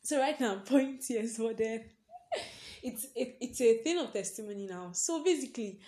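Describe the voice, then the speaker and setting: A woman's voice: on the high side, moderate pace, dark tone. Chatty young woman podcaster. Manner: chatty storytelling, leans on "basically", laughs often. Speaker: podcast host. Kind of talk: casual personal podcast monologue.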